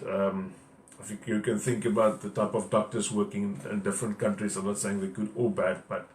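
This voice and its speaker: A man, a financial adviser giving plainspoken, direct advice and answering viewer questions in a live talk. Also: fairly low pitch. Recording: roomy echo.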